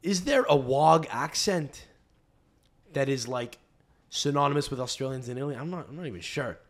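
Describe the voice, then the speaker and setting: A man's voice: mid-range voice, lively intonation, normal speed. A man hosting a casual podcast, rambling and swearing freely, with frequent restarts. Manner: rambling, profane, restarts often. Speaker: podcast host.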